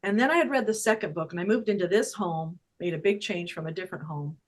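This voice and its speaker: Older woman guest, animated storyteller who laughs a lot and acts out her own quotes, video call. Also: on the low side, fast talker, low-quality recording. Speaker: guest energy healer. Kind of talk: casual personal storytelling.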